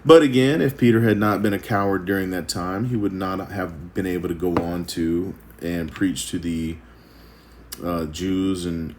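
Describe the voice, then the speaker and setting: Deep-voiced man musing on faith, rambling. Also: darkish tone, a little hiss or hum. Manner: rambling, self-deprecating, chuckling often. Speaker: vlogger. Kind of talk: casual devotional Bible reflection.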